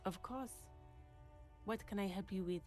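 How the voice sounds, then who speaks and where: A woman's voice: medium pitch, a little slow, darkish tone, soft background music, natural voice. A woman playing a polite local giving directions. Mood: helpful. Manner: polite, matter-of-fact.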